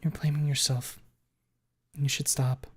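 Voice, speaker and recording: A man voicing a confident, persistent female stegosaurus who speaks slowly and tensely in a storybook reading. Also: fairly high pitch, little pitch movement, husky. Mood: pressing. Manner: slow, tense, probing.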